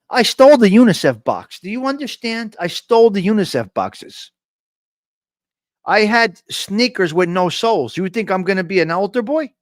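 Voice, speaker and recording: A man's voice: high-pitched, dry recording, studio quality. A man with a New Jersey accent hosting a casual live-stream chat, brash and profane, joking and talking back to the chat.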